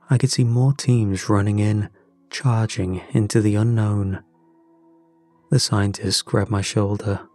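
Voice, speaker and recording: Brief: male narrator, low and slow, dark husky tone, tense scripted storytelling. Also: steady tone, no room sound. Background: faint music.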